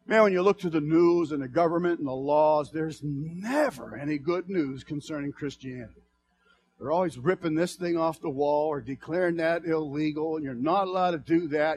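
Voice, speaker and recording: A male pastor preaching a sermon to his church, swinging from soft murmurs to fervent shouts. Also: on the high side, normal speed.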